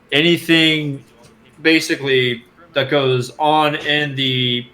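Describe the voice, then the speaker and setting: A man's voice: mid-range voice, pushed and bright. A man voicing a scarred male half-orc gatekeeper in a tabletop game, explaining in a matter-of-fact way.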